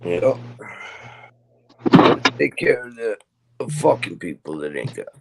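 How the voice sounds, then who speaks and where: A man's voice: lowish voice, very animated, slow, vocal fry, background noise. A middle-aged man in casual chat, telling rambling stories full of swearing. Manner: profane, rambling storyteller.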